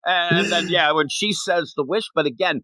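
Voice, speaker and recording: A man co-hosting a casual podcast, talking with animated energy and laughing often as he acts out bits. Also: fairly high pitch, moderate pace, dry recording, low-quality recording. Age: adult, not young. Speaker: podcast co-host.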